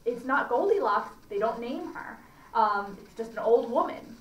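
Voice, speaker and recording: A woman librarian reading a fairy tale aloud and chatting gently to children about it. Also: a little high, a little slow, recorded from a distance. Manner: gentle, explaining, asks listeners to compare. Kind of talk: storytime reading and chat to children. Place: library room. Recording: echoey room, mic from afar.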